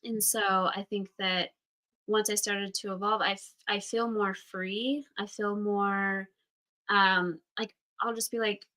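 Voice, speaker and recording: Bright-voiced candid woman chatting about astrology. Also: mid-range voice, level tone, takes it slowly, low-quality recording. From Utah, United States. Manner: candid, chatty, swears, acts out quoted voices. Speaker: astrology class host. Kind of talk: casual livestream astrology talk.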